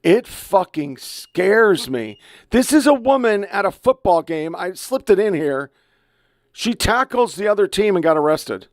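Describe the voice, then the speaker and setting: Gen X male podcast host, 50s, fairly high voice, swears freely, emotional, dry studio sound. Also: animated, moderate pace, no echo. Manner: blunt, profane, heated ranting. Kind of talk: podcast commentary on online clips.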